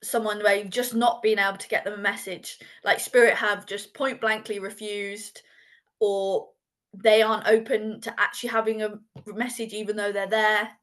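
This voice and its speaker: A woman's voice: medium pitch, level tone, moderate pace, a bit bright. A woman interviewing a medium in a casual chat, asking curious, friendly questions.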